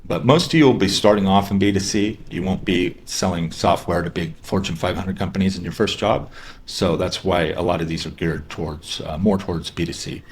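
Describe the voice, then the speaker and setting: Male sales trainer, low register, casual lecture delivery with restarts. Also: fairly quick, a little hiss or hum. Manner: conversational, many fillers and restarts; acts out sample questions in a lighter voice. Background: dogs barking.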